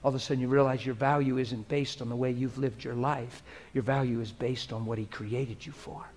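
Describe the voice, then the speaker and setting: A middle-aged man preaching a sermon to a live congregation, moving from hushed prayerful murmurs to loud, animated, laughing storytelling. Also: mid-range voice, a little fast, slight background noise. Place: church hall before a live congregation.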